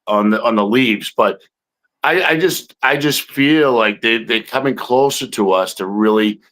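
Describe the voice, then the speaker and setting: Unhurried and fairly bright, a medium-pitched male voice comes through a rough recording. He's a Bigfoot investigator co-hosting a podcast, chatting casually and rambling through a field story full of fillers.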